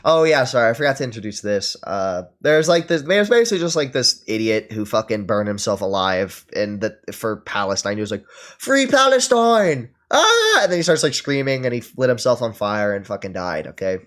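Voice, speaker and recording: Dude ranting on stream, sarcastic, swears a lot, lots of "like" and "okay". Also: male voice, on the low side, animated, fairly quick, hardly any pauses. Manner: profane, sarcastic, lots of fillers. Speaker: streamer reacting to a podcast. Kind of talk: casual ranting commentary.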